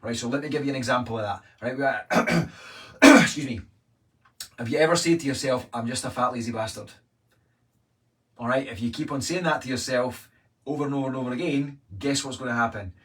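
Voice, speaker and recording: A man's voice: medium pitch, fast talker, distant mic. Blunt swearing Scottish man, mic a bit off. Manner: blunt, energetic, swears freely. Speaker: weight-loss coach. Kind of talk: live-streamed coaching talk.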